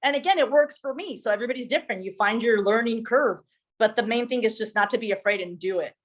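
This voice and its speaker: A young adult woman, a social media consultant, chatting casually and lively in a workshop, slipping in Spanish phrases. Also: on the high side, fast talker.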